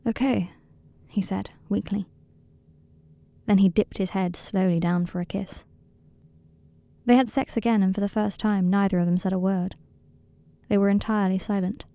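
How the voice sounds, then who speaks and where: Gravelly-voiced woman reading softly. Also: mid-range voice, fairly even intonation, no room sound. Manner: slow, quiet, intimate reading. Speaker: narrator. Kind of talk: audiobook reading of fan fiction.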